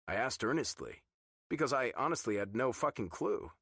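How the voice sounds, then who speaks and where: A man's voice: medium pitch, sing-song, moderate pace, vocal fry, a bit bright, husky, no room sound, clean studio sound. A man narrating a romance audiobook in first person, with a wry, teasing manner.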